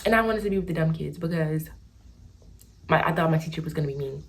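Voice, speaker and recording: A young woman talks to her camera in a loose storytime, circling back on herself and packing her sentences with "like" and "y'all." Her voice sits a bit low for a woman, but she jumps up and down in pitch whenever she wants to stress a point. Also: quick pace, creaky, slight background noise. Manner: chatty and rambling, full of "like" and "y'all". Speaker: vlogger. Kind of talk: casual storytime while doing makeup.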